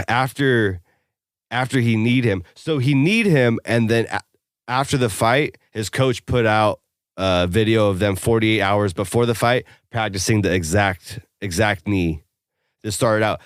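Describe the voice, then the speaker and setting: A podcast co-host talking in a relaxed, rambling way, cursing freely and leaning on fillers as he tells a story. His voice sits a bit low and comes through smooth and clear. The recording is dry and close, with no room sound. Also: a little slow, dry recording. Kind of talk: casual chat.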